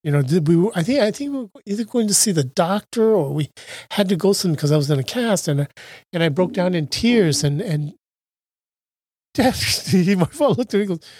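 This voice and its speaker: Give me a mellow-voiced man recalling his past as an interview guest, halting, with a dry sound. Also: sits high, expressive, breathy edge, no echo. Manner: halting, many restarts. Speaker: guest, former athlete. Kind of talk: interview storytelling.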